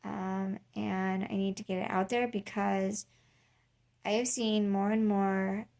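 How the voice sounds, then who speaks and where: A woman talking casually to camera in a personal vlog, pausing often with ums and restarts, earnest and a little tired. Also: mid-range voice, level tone, gravelly, a little mellow. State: tired, unwell. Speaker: vlogger.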